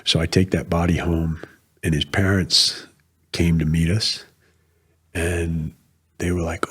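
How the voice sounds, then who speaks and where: Older man, retired officer, interview guest, rambling storytelling, husky, deep. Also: little pitch movement, takes it slowly, pauses often, a bit bright. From New England, US. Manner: rambling anecdotes with frequent restarts. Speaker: guest, retired Marine colonel.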